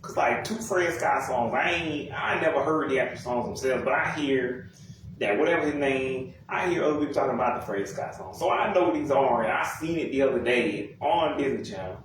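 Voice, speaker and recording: A man's voice: mid-range voice, brisk. A young man giving a blunt, profane, rambling rant about a music album, exasperated and casual. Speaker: music commentator. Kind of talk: casual ranting commentary. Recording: very echoey room, distant from mic, faint noise.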